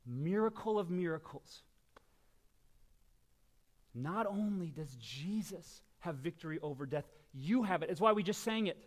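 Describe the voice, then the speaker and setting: Emphatic high-voiced male pastor preaching. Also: lively intonation, moderate pace. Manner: emphatic preaching, swinging between quiet asides and loud shouts. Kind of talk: sermon.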